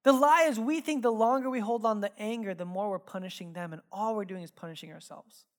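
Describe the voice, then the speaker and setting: A male pastor delivers a sermon in a loose, conversational way, weaving in stories from home. His talk is full of casual fillers. In reflective moments he softens to a hushed, earnest tone. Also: high voice, a little fast. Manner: drops to hushed, earnest tones when reflective. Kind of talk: sermon with personal storytelling. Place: church sanctuary.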